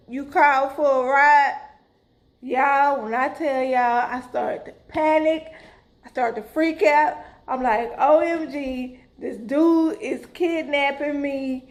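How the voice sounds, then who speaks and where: A middle-aged woman, telling her viewers a story in a casual, animated vlog style and calling them "y'all". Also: sits high. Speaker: vlogger.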